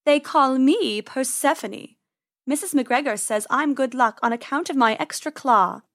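A woman voicing a sly, menacing female cat who speaks in a slow, drawn-out purr. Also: high-pitched, a bit bright, no room sound, studio quality. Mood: haughty.

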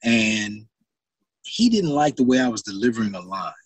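A man's voice: on the low side, sing-song, moderate pace, breathy edge, dry recording, rough recording. A middle-aged man, an actor guest, casually telling stories in an interview and acting out his own past reactions in quoted asides.

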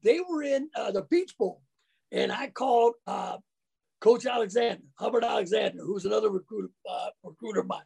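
Gravelly, husky man telling stories. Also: sits high, expressive, fairly quick, a little mellow. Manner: folksy, colloquial. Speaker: interview guest, former college football player. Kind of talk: casual storytelling.

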